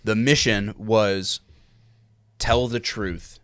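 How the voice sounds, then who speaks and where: A man's voice: on the low side, fairly even intonation, extremely slow, dry recording, clean studio sound. A documentary filmmaker, a man who laughs easily and explains things plainly in casual conversation.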